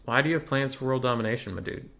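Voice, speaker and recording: A man's voice: medium pitch, racing, creaky, a bit bright. Chatty young man casting a game. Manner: chatty, joking, thinks aloud. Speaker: tournament caster. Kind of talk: casual game commentary.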